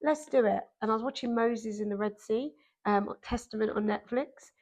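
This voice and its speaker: A woman, a podcast guest telling a personal story in an animated, emphatic way. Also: a little high, normal speed. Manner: animated, emphatic, acts out quoted voices. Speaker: podcast guest, dancer and author.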